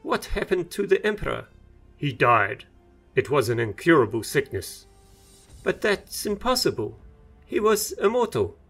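A man's voice: on the high side, animated, normal speed, husky, faint music behind, voice pushed up. A man voicing an ageless woman warrior-monk in a storybook reading, clipped and commanding, raised above his own voice. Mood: shocked.

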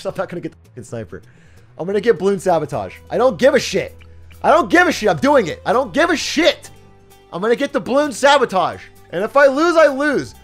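A man livestreaming a game and commenting as he plays. He is excitable, swears a lot and laughs often. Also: sits high. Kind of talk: live gaming commentary.

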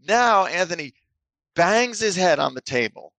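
A man with a gravelly, mid-range voice talks as a therapist guest on a podcast. He tells stories with energy and slips into the voices of the people in them. The sound is close and dry, with no room echo. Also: mid-range voice, normal speed. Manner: animated storyteller, acts out quoted people. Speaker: psychotherapist and author, guest. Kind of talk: casual interview talk, storytelling.

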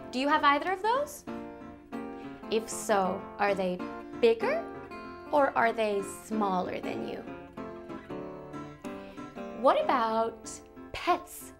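A woman teaching toddlers simple words, slow and sing-song, with playful sounds. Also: on the high side. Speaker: children's Spanish teacher.

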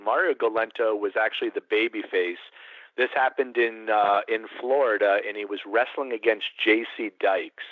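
A man's voice: on the low side, no echo. A man hosting a wrestling podcast, setting up detailed questions for his guest. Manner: detailed, well-prepared setup of questions. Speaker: podcast host. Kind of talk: interview questions. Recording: dry, tinny phone-like line.

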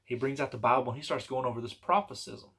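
A man's voice: mid-range voice, steady tone, quick pace, gravelly, a bit bright, breathy edge. A man telling a personal story in a casual, rambling and earnest way, with many restarts and fillers. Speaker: vlogger telling personal stories.

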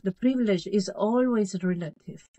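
A woman in her fifties raised in North Korea, a guest author in an interview, speaking in a halting, earnest way, repeating phrases and checking she is understood. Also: mid-range voice, warm tone, no room sound, rough recording. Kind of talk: interview conversation.

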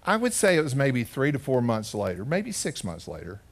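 A man's voice: mid-range voice, huge pitch swings, brisk. A man preaching a sermon as pastor in a church, telling a story in a conversational way and putting questions to the congregation. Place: church sanctuary.

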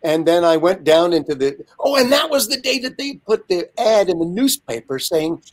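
Lively older man telling stories. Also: high-pitched, normal speed. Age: 70s. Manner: lively, animated storyteller with frequent asides. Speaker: guest. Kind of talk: casual anecdote storytelling. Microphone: video call.

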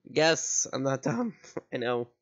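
A man's voice: medium pitch, big pitch swings, takes it slowly, highs cut off. A man streaming games at home, rambling and repeating words as he thinks aloud over faint music. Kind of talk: casual gameplay commentary.

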